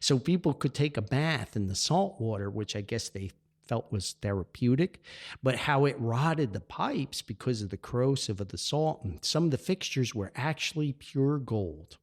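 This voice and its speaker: A man's voice: mid-range voice, animated, normal speed. A man with a New Jersey accent hosting a solo podcast, talking with enthusiasm and rambling from point to point. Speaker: podcast host.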